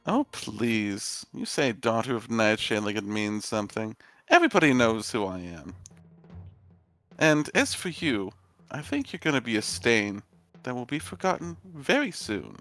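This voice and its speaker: A man's voice: mid-range voice, big pitch swings, unhurried, fairly bright tone, soft background music. A man voicing a haughty fae character, the daughter of Nightshade, with a scornful, dismissive manner.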